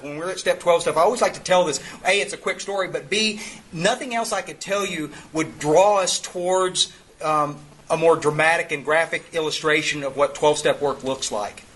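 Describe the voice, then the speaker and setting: A man's voice: on the high side, sharp tone, rough recording. A man speaking at a twelve-step meeting, telling a story in an earthy, rambling way with many restarts. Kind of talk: folksy storytelling talk.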